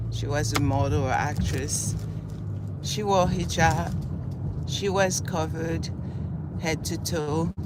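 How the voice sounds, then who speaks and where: A woman from Senegal, raised in France, speaks in an impassioned commentary vlog. She has a groggy morning voice and piles up her points in repeated lists as she heads to work. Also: low-pitched. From born in Senegal, raised in southern France. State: groggy morning voice, just woke up. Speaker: vlogger. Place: outdoors on a city street, on her way to work. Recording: street traffic noise behind the voice.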